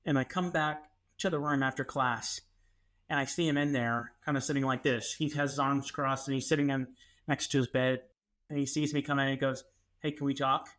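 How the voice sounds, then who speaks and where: Bright-voiced man telling a story. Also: mid-range voice, brisk. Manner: animated, acts out quotes, many restarts. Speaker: podcast co-host. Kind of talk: casual storytelling.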